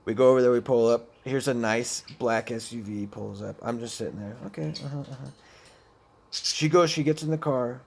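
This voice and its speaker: A man's voice: mid-range voice, brisk, slight background noise. Blunt, profane man telling a story. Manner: blunt and profane, with frequent restarts. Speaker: speaker sharing addiction experiences. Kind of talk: personal storytelling, recovery talk.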